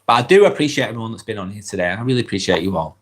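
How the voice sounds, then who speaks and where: A man's voice: fairly low pitch, racing. Lancashire man with a head cold. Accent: Lancashire English. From Lancashire, England. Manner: relaxed, earnest, rambling with fillers and sighs. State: has a head cold, run down. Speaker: vlogger hosting a live stream. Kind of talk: casual live-stream chat, reading comments aloud.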